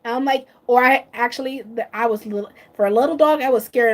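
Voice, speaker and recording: A woman's voice: fairly high pitch, brisk, hardly any pauses. A woman vlogger chatting casually on a live stream, emotional and tearful, gushing and laughing often.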